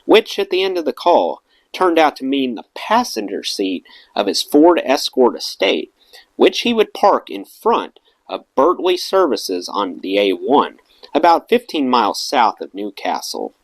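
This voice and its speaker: A man's voice: mid-range voice, sing-song, unhurried, dry recording. A man reading a memoir aloud for an audiobook channel, telling it expressively. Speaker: audiobook reader.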